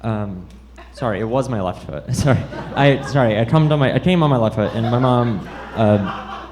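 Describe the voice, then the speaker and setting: Speaking at a moderate pace in a mid-range voice, a man delivers a stand-up set in a comedy club. His act is awkward and self-mocking, with lines fumbled intentionally. Loud audience noise fills the live recording.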